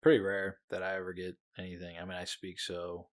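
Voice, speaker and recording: A man's voice: deep voice, completely flat delivery, a little fast. A man from the US co-hosting a podcast, teasing his friend and laughing, with frequent swearing. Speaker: podcast co-host. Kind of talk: casual chat.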